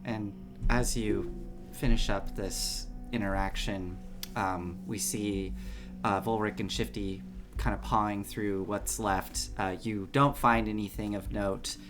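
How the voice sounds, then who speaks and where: A man running a tabletop game stream as game master, relaxed and full of fillers. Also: lowish voice, takes it slowly, music in the background.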